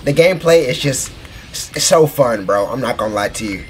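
A man in his twenties giving excitable let's play commentary, shrieking in delight and saying bro constantly. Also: medium pitch, moderate pace, a little hiss or hum. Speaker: gaming YouTuber.

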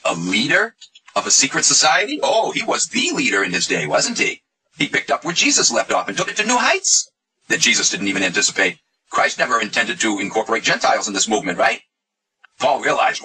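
Guy ranting on his channel, husky bright voice, swings his pitch all over, mocking tone. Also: rough recording. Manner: animated, sarcastic, mocking. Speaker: video host. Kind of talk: casual monologue.

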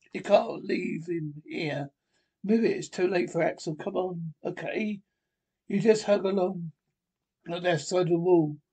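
A man's voice: high voice, a little mellow, breathy edge. A man reading a film script aloud by himself, voicing every character with urgent, clipped lines. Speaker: script reader.

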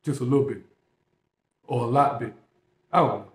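Casual reaction host, male, slangy and emphatic, mid pitch, echoey room. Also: normal speed. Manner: slangy, emphatic, talks straight to viewers.

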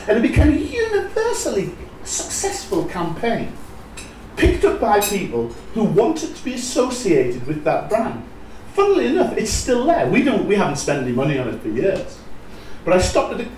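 North East English man speaking in an echoey room. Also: sits high. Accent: North East English, Sunderland. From North East England. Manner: animated storyteller with wry humour. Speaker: business leader giving a talk. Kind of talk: public talk to a live audience. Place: large echoey room at a live event. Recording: echoey room, voice from far off, faint noise.

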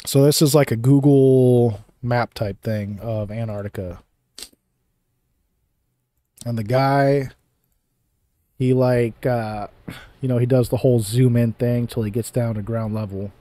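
A man's voice: medium pitch, steady tone, unhurried, long pauses, dark tone, no echo. A man co-hosting a podcast, chatting loosely and joking as he hunts for a topic. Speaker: podcast co-host. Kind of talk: casual chat.

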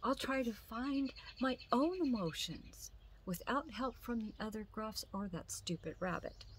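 A woman's voice: on the high side, lively intonation, a little slow, a little hiss or hum, voice pushed up. A woman voicing a timid, confused young male vulture who speaks hesitantly, in a storybook reading. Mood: determined. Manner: hesitant and meek.

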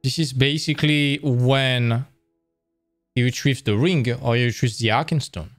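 A man's voice: mid-range voice, a little slow, no echo, studio quality, soft background music. A man presenting a live-streamed lecture, explaining in a casual, enthusiastic way with frequent restarts.

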